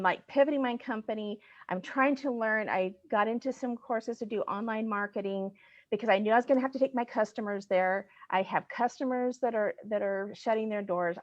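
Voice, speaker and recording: A middle-aged woman, a guest on the show, telling her personal story in an earnest, excitable way, at times close to tears, over a video call. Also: medium pitch, dry recording, dull audio. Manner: earnest, excitable, gets choked up. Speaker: guest, business owner. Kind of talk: emotional personal story in a casual chat.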